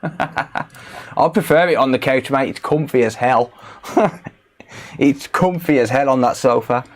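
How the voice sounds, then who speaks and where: A man's voice: mid-range voice, measured pace. Joking man livestreaming repairs. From English Midlands. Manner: joking, bantering, swears freely. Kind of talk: casual livestream chat while working.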